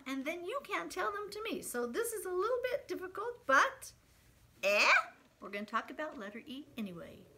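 A middle-aged woman teaching young children their letters in a video lesson, speaking slowly and straight to the kids. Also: high-pitched, bright, forceful tone. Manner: slow, sing-song, talks straight to children. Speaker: preschool teacher.

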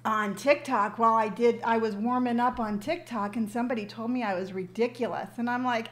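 A woman's voice: a little high, brisk, few pauses. A woman in her fifties hosting a casual live stream, chatting effusively and reading viewer comments aloud, with lots of ums and restarts, speaking into her device's built-in mic. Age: 50s. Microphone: device's built-in mic, no external microphone.

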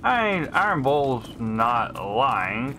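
A man's voice: mid-range voice, sing-song, slow, over music. A man casually commentating his gameplay, thinking aloud in a laid-back way. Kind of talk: casual let's-play commentary.

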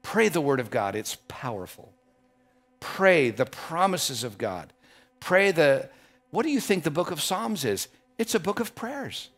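A man's voice: a little high, sing-song, unhurried. A man preaching a sermon as a pastor, emphatic and building to impassioned passages, often repeating words as he builds a point. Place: church.

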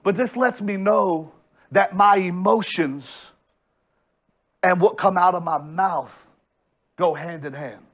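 A man preaching a lively sermon as pastor, conversational and funny, acting out characters and building to shouts. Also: high-pitched, slow pace, pauses often. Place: church sanctuary.

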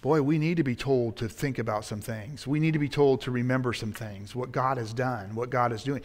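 A medium-pitched, fairly quick-speaking pastor gives a sermon in a church sanctuary. He presses toward emphatic points and turns to the congregation with asides.

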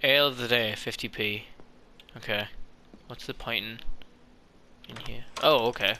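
A young man giving excitable let's-play commentary, jokey and chatty, talking back to the characters on screen. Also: medium pitch, moderate pace, a little hiss or hum. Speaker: gaming YouTuber.

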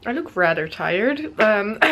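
A woman's voice: medium pitch, very animated, slow pace, fairly bright tone, slight background noise. Chatty young woman vlogging casually. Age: young adult. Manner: chatty, giggly, self-deprecating. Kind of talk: casual vlog chat.

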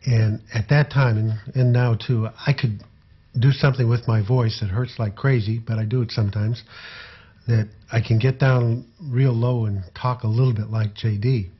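An older man, a former tour manager, telling personal anecdotes in a relaxed, halting way. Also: medium pitch, breathy edge, muffled recording. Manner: relaxed, halting storyteller with fillers.

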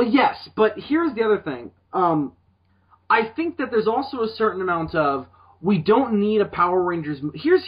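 A husky man co-hosts a podcast in loose, casual chat. His pitch swings up and down as he works through ideas, and he often restarts mid-sentence. The sound is dull and lo-fi. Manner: rambling, animated, frequent restarts. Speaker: podcast co-host.

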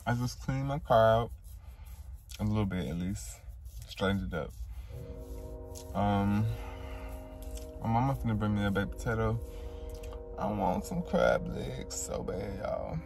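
A man's voice: lowish voice, measured pace, creaky, pauses often, faint music behind. A young man vlogging at home while sick, chatting casually and swearing, his tongue sore from a bite. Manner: chatty, animated, swears freely, talks straight to viewers. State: sick with food poisoning, bitten sore tongue. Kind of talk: casual vlog talk to camera. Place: at home in his apartment, indoors. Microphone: camera on a tripod.

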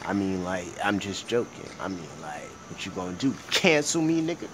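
A young man vlogging in a loose, profane rant. His voice swoops widely in pitch, dropping to a low mutter and then jumping to shouts. Faint ambient noise sits behind him. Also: very animated, normal speed. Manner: profane, swings from mumbling to loud shouting. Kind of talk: casual ranting vlog.

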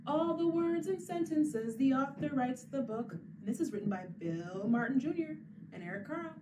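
A woman's voice: high-pitched, expressive, moderate pace. A woman librarian reading a picture book aloud to young children in a sing-song, encouraging voice, making animal sounds and speaking to unseen listeners. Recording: distant mic with faint background noise.

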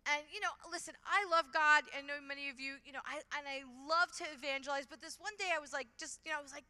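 A woman with a high, bright voice tells a faith testimony to a conference audience. She speaks as a youth minister. She plays out each conversation in different voices. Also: fast talker, few pauses. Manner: animated, acts out dialogue with voices.

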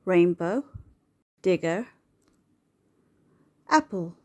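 A woman reading a children's first words book aloud, slowly and clearly, one word at a time. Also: medium pitch, lively intonation, a little mellow.

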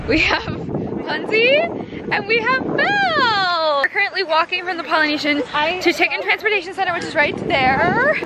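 A young woman vlogging a theme park day outdoors on a handheld camera, bubbly and squealing with excitement. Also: extremely high pitch, heavy background noise. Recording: busy crowd and music behind. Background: crowd and music.

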